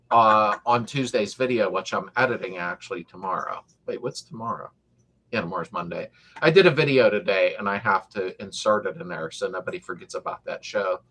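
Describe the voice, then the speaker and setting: A man's voice: on the low side, bright, forceful tone. Chatty joking middle-aged man host. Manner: rambling, joking, reads viewer comments aloud. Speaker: host of a car restoration channel live chat. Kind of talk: casual live-stream chat.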